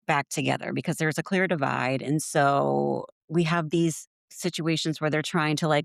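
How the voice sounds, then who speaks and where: A woman's voice: sits low, fairly even intonation, moderate pace, vocal fry, few pauses, no room sound, clean studio sound. A woman co-hosting a podcast in casual chat, laughing often and acting out what others said. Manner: chatty, laughs often, acts out quotes. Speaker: podcast co-host.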